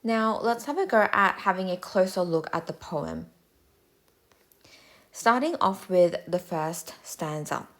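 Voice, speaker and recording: A woman tutor giving a measured, clear, step-by-step explanatory voice-over lesson. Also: on the low side, lively intonation.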